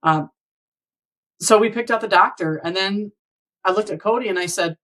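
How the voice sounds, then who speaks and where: A woman's voice: mid-range voice, moderate pace, a bit bright, poor audio. Earnest, chatty woman telling her story. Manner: conversational, often asks "right?" and "you know?"; earnest and openly emotional. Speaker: guest. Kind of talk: emotional personal storytelling.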